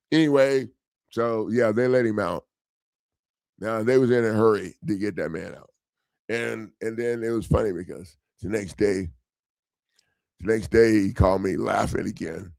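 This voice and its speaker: Middle-aged male coach, gravelly and animated, casual storyteller who acts out quotes. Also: on the low side, measured pace, no echo. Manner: animated, profane, laughing, acts out quoted voices. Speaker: legal self-help coach.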